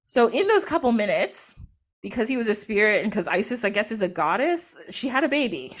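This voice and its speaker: A woman's voice: on the high side, big pitch swings, a little fast. A woman retelling a myth in casual storytelling style, chatty, acting out the characters through quoted dialogue. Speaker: podcast host or guest.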